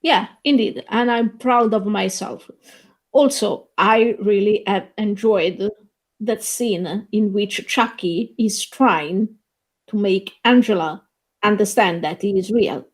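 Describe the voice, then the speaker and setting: A woman talking slowly and hesitantly in a casual film review, pausing often on "uh". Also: mid-range voice, low-quality recording. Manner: slow and hesitant, frequent "uh" pauses.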